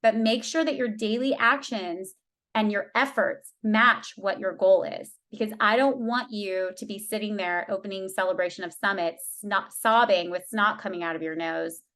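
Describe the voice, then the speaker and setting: A woman's voice: mid-range voice, moderate pace, a bit bright. A woman in her thirties, a team leader telling her team an emotional story in a candid talk, with many restarts.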